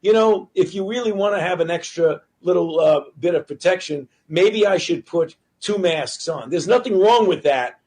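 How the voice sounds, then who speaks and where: A man giving a measured public health explanation, hedging with fillers. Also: high-pitched, a little mellow, slightly rough. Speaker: public health official in an archive clip.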